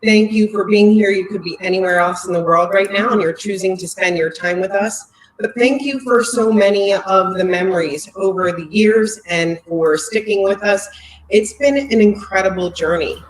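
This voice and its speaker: A woman speaks on a video call, presenting to a live audience with heartfelt emotion, close to choking up. Her voice sits at a middle pitch. Faint noise hangs behind her. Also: normal speed, reverberant, poor audio. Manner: heartfelt, emotional, near tears. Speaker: company marketing executive presenting.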